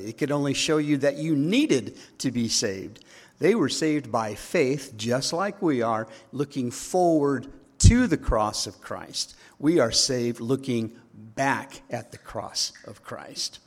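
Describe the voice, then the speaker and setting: A man delivers a sermon at an unhurried pace, mid-pitched and conversational. He jokes with his listeners and checks in with quick tag questions. His voice carries a long reverb from the church hall around him. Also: husky. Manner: chatty, joking, leans on tag questions. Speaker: pastor. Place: church sanctuary.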